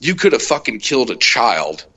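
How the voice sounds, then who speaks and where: A young adult man hosting a casual podcast, telling a heated, profane road-rage story and acting out the shouting. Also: medium pitch, big pitch swings, normal speed. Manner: profane, heated retelling, acts out shouted quotes. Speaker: podcast host.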